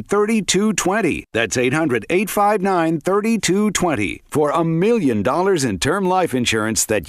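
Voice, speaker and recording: A man's voice: fairly high pitch, dry recording, studio quality. A man reading a comic radio ad in a wry, salesy way. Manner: wry, salesy, repeats the phone number. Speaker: radio ad announcer.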